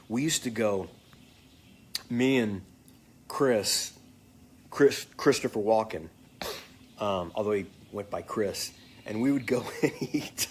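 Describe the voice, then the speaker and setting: A man's voice: lowish voice, slightly rough. A man casually answering fan comments, joking and swearing freely. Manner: joking, profane, off the cuff. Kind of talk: casual live chat.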